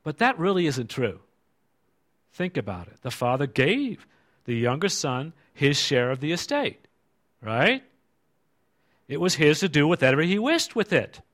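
A man's voice: a little high, sing-song, unhurried, long pauses, fairly bright tone. A male preacher giving a conversational sermon and asking the congregation rhetorical questions.

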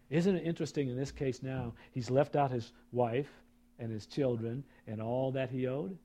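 Preaching to his congregation, a male pastor alternates between forceful, booming scripture reading and soft, hushed side remarks directed at the people listening.

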